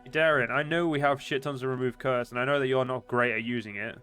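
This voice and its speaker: A man talks quickly and casually while streaming a fantasy game, joking about his fights and thinking out loud. His voice sits at a middling pitch. Faint game music runs underneath. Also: steady tone. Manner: chatty, laughs at the game, reads game text aloud.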